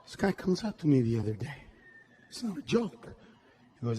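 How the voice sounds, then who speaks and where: A man performing a loud stand-up comedy routine, shouting punchlines and acting out characters. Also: medium pitch, sing-song, moderate pace, pauses often. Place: comedy stage.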